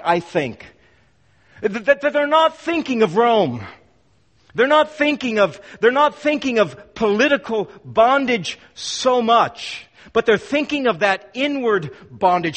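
A man's voice: extremely high pitch, fairly bright tone. A man preaching an expository sermon, emphatic and full of rhetorical questions. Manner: emphatic, rhetorical questions, acts out quoted voices. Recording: long hall reverb.

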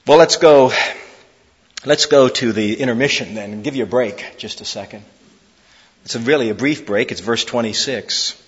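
A man's voice: medium pitch, normal speed, pauses often, big-room sound, highs cut off. A man preaching an expository sermon in an earnest, conversational way, asking his listeners direct questions. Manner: earnest, conversational, with rhetorical questions and sports metaphors.

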